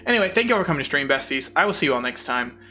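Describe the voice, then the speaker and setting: Goofy bright-voiced male streamer. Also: mid-range voice, sing-song, racing, faint music behind. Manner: rambling, goofy, full of internet slang. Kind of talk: casual live-stream chat.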